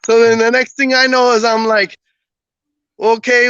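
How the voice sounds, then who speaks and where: A man tells a story in a casual podcast chat, animated and quick to laugh, acting out the lines of everyone involved. His voice is bright and sharp. The recording is dry and a little dull and lo-fi. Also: very high voice, clear, resonant tone, no room sound. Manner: animated, laughs often, acts out dialogue. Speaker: guest telling a personal story.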